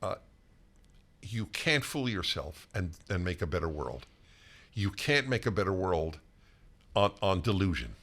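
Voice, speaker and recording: Bright-voiced older man, emphatic chat. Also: low-pitched, sing-song, unhurried, long pauses. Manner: emphatic, rises and drops in volume. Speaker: podcast co-host. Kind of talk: casual chat.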